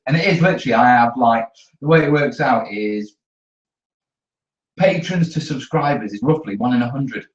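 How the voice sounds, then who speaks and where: Casting: easygoing guy, livestream host, mid pitch, heard from a distance on a dull mic. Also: moderate pace, pauses often, reverberant. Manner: chatty, easygoing, talks to viewers while working. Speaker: terrain-building channel host. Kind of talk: casual chat during a live studio stream. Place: hobby workshop studio.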